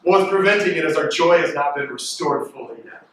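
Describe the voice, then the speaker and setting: Animated youth pastor in an echoey hall. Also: male voice, a little high, brisk. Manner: animated and jokey, bursts into loud mimicking. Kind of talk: youth sermon. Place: large echoey worship hall. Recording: distant mic in reverberant hall.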